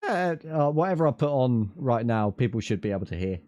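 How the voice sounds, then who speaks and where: A man's voice: medium pitch, sing-song, a little fast, mellow, dry recording, muffled recording. A young man, a guest on a casual stream, who jokes crudely and swears freely. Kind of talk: casual chat.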